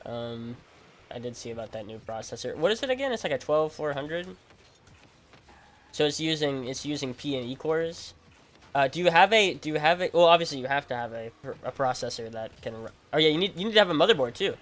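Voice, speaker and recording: A gaming streamer chats casually in slang while he plays, rambling and repeating himself as he tells stories, tossing in "bro" and "freaking." His voice is fairly high, with lively intonation, a brisk pace and a slightly bright tone.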